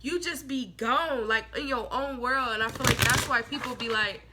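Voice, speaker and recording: A woman's voice: a little high, moderate pace, very noisy. A young woman doing a casual tarot reading, chatty and blunt, full of slang and swearing, and she acts out the people she quotes. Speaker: tarot reader.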